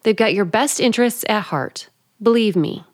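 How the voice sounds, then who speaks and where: A brisk, firm female attendant from an old radio drama, played by an actress, with a mid-range voice. She gives short, matter-of-fact orders in a reassuring tone. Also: medium pitch, lightly acted. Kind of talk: 1940s radio acting.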